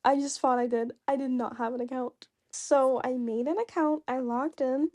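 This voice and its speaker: High-voiced woman telling a lively story. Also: normal speed. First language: not English. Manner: animated, self-mocking, laughs often. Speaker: storytime animator. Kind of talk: casual storytelling narration.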